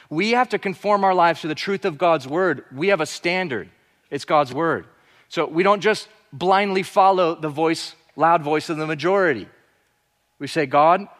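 A man delivering a sermon in a fairly high voice, preaching with emphasis and at times sinking to soft asides. His voice rings out with a long reverb, as from a large hall. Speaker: pastor.

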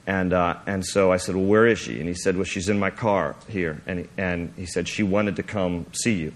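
A male pastor telling a story in a sermon, animated and acting out the scene. He rambles with fillers and restarts, and his voice jumps high when he gets excited. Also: moderate pace, hardly any pauses.

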